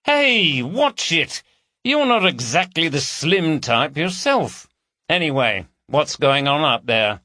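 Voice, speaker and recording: Man doing a raucous boozy lad from London, high and lively, dry audiobook. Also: slow pace, no echo, heavily acted. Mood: teasing. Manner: raucous, banter-heavy.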